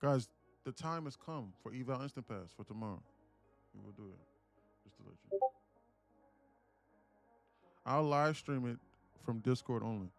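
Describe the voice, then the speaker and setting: A man's voice: lowish voice, vocal fry. A man hosting a live day-trading stream, talking casually and profanely to his chat. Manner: laid-back, profane, addresses chat as guys. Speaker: day-trading livestream host. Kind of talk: casual livestream commentary.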